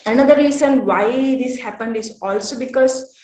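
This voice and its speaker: A woman's voice: high voice, normal speed, darkish tone. Woman presenting, roomy echo. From South India. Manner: careful, repeats each example word twice. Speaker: workshop presenter. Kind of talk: conference presentation.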